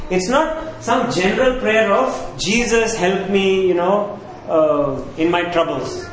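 A man's voice: high voice, a little slow, hardly any pauses, slight background noise. A man preaching a sermon, who asks his listeners questions and repeats key phrases. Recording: very echoey room with faint ambience.

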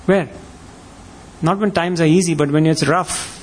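A man's voice: on the high side, steady tone, measured pace, a little hiss or hum. A man preaching a sermon as a pastor, emphatic and full of rhetorical questions.

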